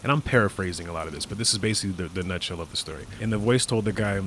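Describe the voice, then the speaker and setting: A man's voice: low-pitched, very fast, few pauses, fairly bright tone, a little hiss or hum. A man hosting a podcast, talking in a casual, reflective monologue that rambles with many fillers and restarts. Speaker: podcast host.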